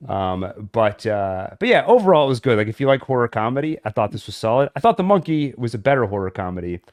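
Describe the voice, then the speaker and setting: Male co-host, casual review; relaxed, filler-heavy, lively pitch. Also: fast talker. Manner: relaxed, hedging verdicts with fillers. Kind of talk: casual movie review chat.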